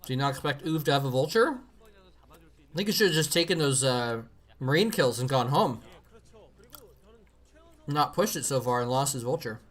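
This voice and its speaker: A man's voice: medium pitch, animated, moderate pace, pauses often. A man casually commenting on an old match during a live stream, rambling with many fillers and restarts.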